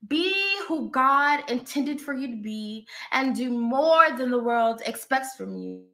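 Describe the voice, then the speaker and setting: A young woman performing spoken word slam poetry, building from quiet lines to loud, emphatic outbursts. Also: high-pitched, unhurried, hardly any pauses. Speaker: youth slam poet.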